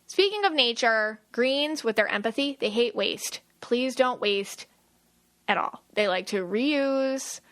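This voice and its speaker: A woman hosting a podcast, explaining things in a chatty way and acting out quick quoted voices. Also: a little high, lively intonation, fairly bright tone. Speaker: podcast host, aura reader. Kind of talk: casual explanatory podcast talk.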